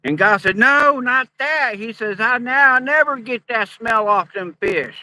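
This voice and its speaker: Bright-voiced man telling a deadpan joke. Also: high-pitched, a little slow, poor audio.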